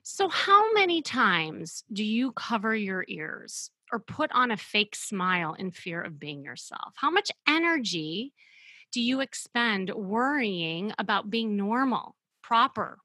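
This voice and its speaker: A middle-aged woman hosting a podcast, telling a client story as an animated, emphatic storyteller. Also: mid-range voice, slow pace, breathy edge, no room sound. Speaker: podcast host and dating coach.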